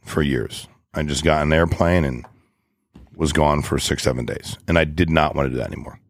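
A man in his forties with a very low voice, chatting in an interview. He rambles, restarts and speaks bluntly in casual slang. The sound is dry and close to the mic. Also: brisk, no room sound. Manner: rambling, blunt, drops into slang like "dude" and "ain't". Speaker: guest, business owner.

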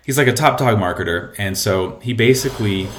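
A man's voice: lowish voice, brisk, echoey room, slight background noise. A man hosting a podcast from home, talking casually and rambling with lots of fillers and restarts. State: a bit out of breath. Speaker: podcast host. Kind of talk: casual solo podcast talk. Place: home room.

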